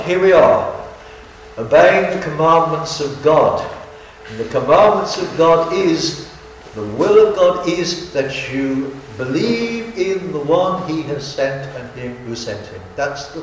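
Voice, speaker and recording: A man's voice: fairly high pitch, lively intonation, takes it slowly, a little hiss or hum. A man preacher giving a sermon in an earnest, emphatic style that keeps repeating key phrases. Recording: very echoey hall, from far off.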